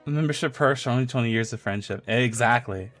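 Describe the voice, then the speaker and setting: A man's voice: medium pitch, a little fast, fairly bright tone, faint music behind. A male streamer chatting loosely and swearing freely, then reading fan fiction aloud. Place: home streaming setup.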